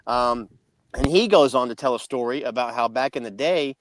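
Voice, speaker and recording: A man's voice: medium pitch, moderate pace, no echo. Guy rambling thru a story on a podcast, dry mic, lots of restarts. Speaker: podcast co-host. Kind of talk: casual podcast chat.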